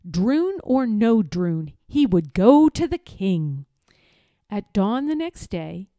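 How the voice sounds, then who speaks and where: A woman reading a children's picture book aloud, narrating in a slow, expressive storytelling way. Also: fairly high pitch, no room sound.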